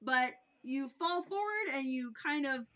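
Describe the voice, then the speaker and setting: Bright-voiced woman game master, halting. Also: high-pitched, expressive, dull audio. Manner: halting narration full of fillers. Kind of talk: narrating a tabletop game over a call.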